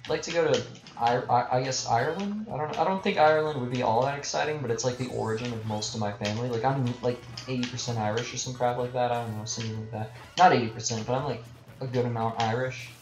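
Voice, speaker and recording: Rambling male gamer streaming live. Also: medium pitch. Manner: rambling, self-deprecating, chatting with viewers. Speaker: gaming livestreamer. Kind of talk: casual live commentary while gaming. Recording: roomy echo with game music behind.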